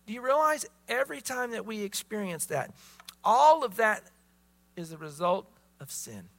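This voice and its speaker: A man's voice: sits high, very animated, moderate pace, gravelly, a bit bright. A man preaching a sermon as pastor, emphatic, often repeating words as he presses his points.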